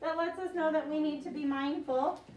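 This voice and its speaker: A woman's voice: high-pitched, steady tone, normal speed, darkish tone. A woman teacher leading a vocabulary lesson, patiently repeating each word for the class to echo. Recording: echoey classroom from far off.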